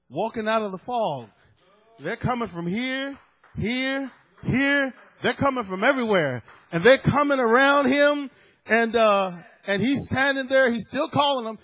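A man preaching a sermon in a high, husky voice. He swings from loud, drawn-out declarations down to hushed asides and back. His delivery is dramatic, in the cadence of a pulpit. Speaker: pastor.

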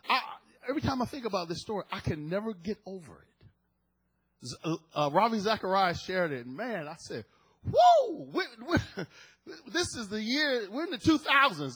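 A man preaching a sermon in a husky, slightly worn voice that sits high for a man. He moves between loud, emphatic declarations and quiet, hushed asides, stretching and rushing his words. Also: poor audio.

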